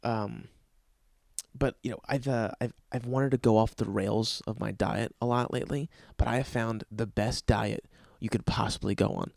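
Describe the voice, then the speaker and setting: A young man hosting a podcast, telling rambling, profane comedic stories in a casual, animated way. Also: on the low side, moderate pace, creaky, dry recording, clean studio sound. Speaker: podcast host. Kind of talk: casual comedic storytelling monologue.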